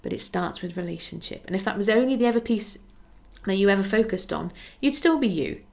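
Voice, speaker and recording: Lady doing her faith podcast, bit of fry in her voice, earnest and encouraging, acts out little chats. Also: mid-range voice, animated, a little fast, a little mellow. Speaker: podcast host. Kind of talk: casual devotional podcast talk.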